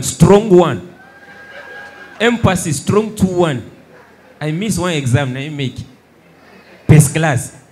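A young Nigerian man doing stand-up comedy, mixing Pidgin and English and shouting his punchlines. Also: a little high.

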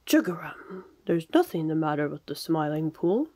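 A woman voicing a very old, wise male frog with a gruff manner in a storybook read-aloud. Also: low-pitched, sing-song, normal speed, darkish tone.

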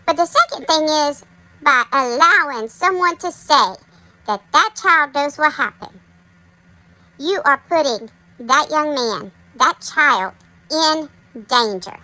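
A woman hosts a casual commentary monologue in a high, bright voice. She is chatty and speaks straight to her viewers. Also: expressive, slow pace, poor audio. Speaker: commentary channel host.

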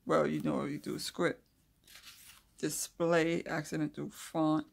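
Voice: mid-range voice, flat delivery, slow, gravelly. An adult host giving a casual calligraphy tutorial, reading notes aloud and then chatting loosely while demonstrating, with mumbled asides while drawing. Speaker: craft video host.

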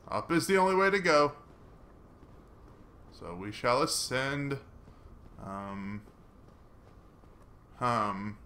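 A man giving casual, chatty commentary while playing a video game, mocking himself and breaking into excited swearing. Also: mid-range voice, a little hiss or hum. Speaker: gaming let's player.

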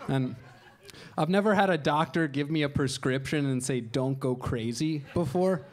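A man in his thirties tells stand-up stories in a fairly high voice. His delivery is dry and deadpan, with crude asides, and he slips into voices for the people he quotes. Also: moderate pace. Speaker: stand-up comedian. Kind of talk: stand-up storytelling. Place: comedy show stage.

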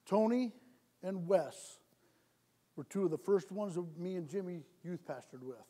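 In a church sanctuary, a lay preacher with a notably high voice gives an expressive, unhurried sermon. He loops back over his phrases and calls out for amens, beginning in a conversational tone before building to loud, forceful exhortation.

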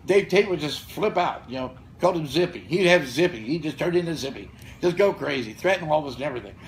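A man's voice: a little high, animated, fast talker, slight background noise, poor audio. Blunt, fired-up older man telling stories. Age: 60s. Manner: blunt, profane, fired-up storytelling. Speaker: podcast guest and gym founder. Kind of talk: casual podcast storytelling. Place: gym or studio with room ambience.

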